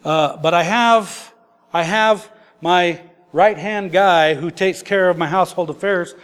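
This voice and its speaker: A man's voice: high voice, measured pace, a bit bright, clear, resonant tone. A man voicing a hesitant aged patriarch who hems and haws, in a preacher's retelling. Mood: pleading. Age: older. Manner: hesitant, hemming. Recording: long echoey hall reverb.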